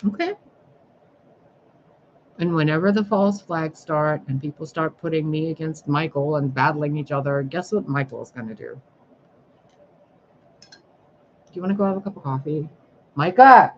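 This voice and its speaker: A woman's voice: low voice, normal speed, pauses often, highs cut off, slight background noise. A woman livestreaming a blunt, sarcastic monologue, scolding her viewers and swearing freely. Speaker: spiritual livestreamer.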